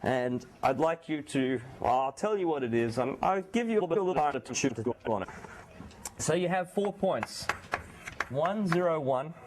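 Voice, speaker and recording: Soft-spoken male lecturer with a sore throat. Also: a little high, normal speed, slight background noise. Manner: speaks softly, not loudly; relaxed, joking asides to students. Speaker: university lecturer. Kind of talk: classroom lecture. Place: small lecture room.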